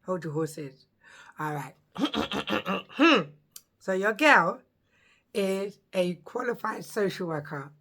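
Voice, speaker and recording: Taking her time in a medium-pitched voice, a woman in her thirties who works as a social worker presents her vlog channel. She's chatty, excitable and full of jokes, admitting her voice occasionally gives out.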